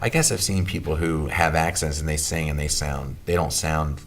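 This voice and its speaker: A man's voice: a bass voice, steady tone, moderate pace. A man hosting a casual interview show, jokey and rambling, with frequent restarts. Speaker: podcast host.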